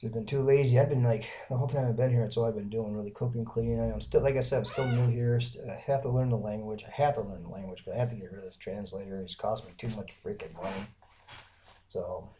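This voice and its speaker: Guy from alabama just rambling on his vlog, mellow voice, says you know a lot. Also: on the low side, slight background noise. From Alabama, American South. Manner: rambling, many fillers and restarts. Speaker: vlogger. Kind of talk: rambling casual monologue.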